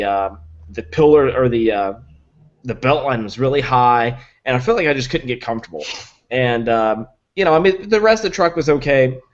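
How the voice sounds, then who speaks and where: A man with a mid-range voice guests as a reviewer on a casual podcast, and the recording sounds muffled. He's enthusiastic, rattling off specs with lots of likes and ums.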